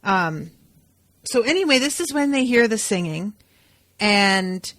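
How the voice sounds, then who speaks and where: Woman podcast host, casual chat, animated and profane, mid-pitched voice, dry close sound. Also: measured pace, no echo.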